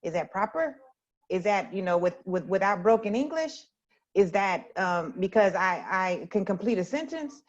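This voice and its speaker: A woman's voice: mid-range voice, expressive, moderate pace, highs cut off. A woman speaking as a parent at a town hall discussion, earnest and questioning.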